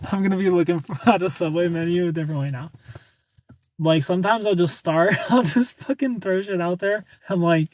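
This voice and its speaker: A man with a somewhat high, husky voice hosts a casual live stream and chats playfully with his viewers. He laughs a lot and greets people by name. The sound is close and dry. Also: darkish tone, no echo. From Ohio.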